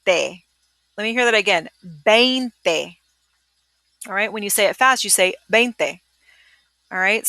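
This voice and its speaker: A young adult woman recording a screencast pronunciation lesson as a Spanish teacher. She talks briskly and upbeat and keeps checking in with "okay?". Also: medium pitch, pushed and bright, no echo. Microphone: computer mic, screencast.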